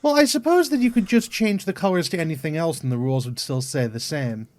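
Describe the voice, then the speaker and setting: A man with an English accent, co-hosting a podcast in casual chat, blunt and quick to dismiss, swearing freely. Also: fairly high pitch. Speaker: podcast co-host.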